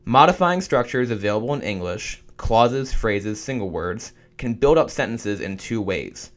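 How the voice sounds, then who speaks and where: A man's voice: on the low side, expressive, unhurried. A young man reading study notes aloud for a writing course, stumbling now and then and restarting. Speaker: student making a study guide.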